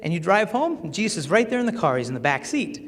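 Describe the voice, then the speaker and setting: A man's voice: high voice, very animated, quick pace, fairly bright tone. A man on stage voicing his earnest, middle-aged male religion teacher, speaking in a pleading tone in a reverberant hall.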